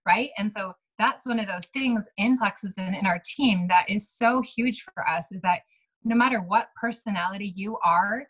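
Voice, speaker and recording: A woman's voice: medium pitch, normal speed, fairly bright tone, slightly rough, low-quality recording. A woman in her thirties giving a chatty motivational talk to her team, full of "like" and "right?" and acted-out dialogue. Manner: chatty, lots of "like" and "right?", acts out quoted dialogue. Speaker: team leader speaking to her sales team.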